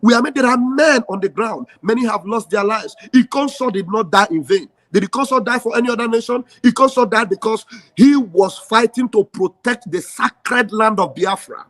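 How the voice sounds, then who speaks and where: A man's voice: high voice, normal speed, few pauses, fairly bright tone. A Nigerian man giving an impassioned rallying speech, fiery and emphatic, repeating his key phrases. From southeastern Nigeria. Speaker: activist.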